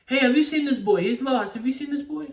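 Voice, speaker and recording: Brief: insistent, high-voiced henchman on a search, put on by a man, recorded from a distance. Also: moderate pace. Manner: repetitive, insistent questioning. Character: pushy henchman canvassing for a lost boy. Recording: echoey room, distant from mic.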